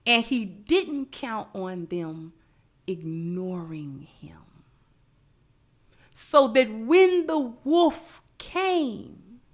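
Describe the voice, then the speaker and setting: A woman's voice: high voice, lively intonation, drawn-out words, hardly any pauses. A woman giving livestream commentary, lecturing through repeated rhetorical questions. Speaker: online commentator.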